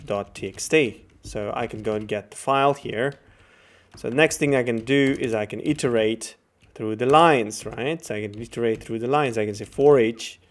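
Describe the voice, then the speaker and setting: A man's voice: on the low side, clean tone. A man lecturing while he writes code live, thinking aloud with frequent fillers and self-corrections.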